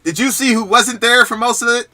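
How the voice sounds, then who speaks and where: A man's voice: extremely high pitch, steady tone, brisk, bright, forceful tone, faint music behind. A man hosting a political commentary stream, talking in a heated, emphatic and profane way. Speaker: host.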